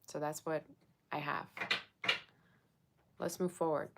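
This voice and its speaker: Reading tarot for her audience, this woman talks slowly in a low, flat voice with vocal fry, and the recording is very noisy. Her style is casual and chatty, and she keeps checking in with viewers by saying "okay?" again and again.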